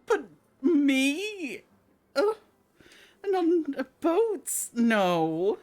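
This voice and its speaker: A woman's voice: sing-song, extremely slow, a little mellow, exaggerated voice. A woman voicing a cowardly, whiny young male leader who stammers and sounds close to tears. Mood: whimpering. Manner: high-pitched, tearful, stammering.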